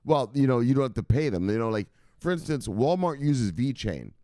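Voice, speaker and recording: A man's voice: medium pitch, sing-song, fairly quick, dark tone, no echo, studio quality. A man hosting a crypto news livestream in a loose, rambling way, swearing freely and barking out catchphrase sign-offs. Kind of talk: casual livestream chat.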